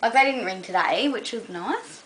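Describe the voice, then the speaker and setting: A young Australian woman vlogs casually to camera, rambling with lots of "um" and "like." Her voice is on the high side and expressive, at normal speed, though the recording quality is low.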